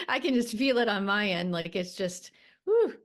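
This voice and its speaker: A woman co-host coaching her partner, calm and reassuring, with plenty of fillers. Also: mid-range voice, unhurried. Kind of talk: gentle coaching talk.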